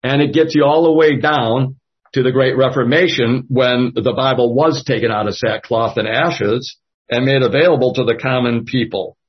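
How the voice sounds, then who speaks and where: A man leading a Bible study discussion, speaking slowly and haltingly with many fillers. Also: medium pitch, husky. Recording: dull lo-fi audio.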